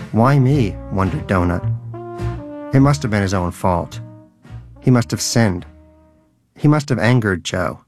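A man narrating an audiobook story in a dry, wry manner. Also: lowish voice. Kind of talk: scripted narration. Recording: faint background music.

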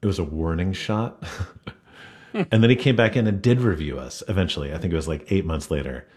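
A man's voice: sits low, brisk, darkish tone. A man guesting on a radio interview, telling reflective stories about running a restaurant. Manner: reflective, storytelling. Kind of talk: interview conversation.

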